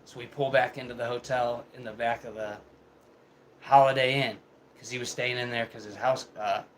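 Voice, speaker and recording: Over background music, slight noise, and poor audio, a young man speaks in a mid-range, fairly even voice at normal speed. His storytelling is casual, rambling, and profane, and he laughs through much of it.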